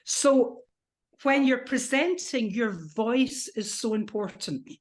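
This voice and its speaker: A woman with a British accent, a coach teaching presentation skills, animated and demonstrating voice exercises. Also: fairly high pitch, slow pace. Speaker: NLP coach and trainer.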